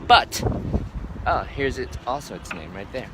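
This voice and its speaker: A man's voice: medium pitch, sing-song, unhurried. A man vlogging live outdoors among boats, answering viewer questions in a rambling, casual way full of filler words. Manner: rambling, filler-heavy, lots of "um" and "like". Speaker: travel vlogger. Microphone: phone held for a live stream. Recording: noisy outdoor background.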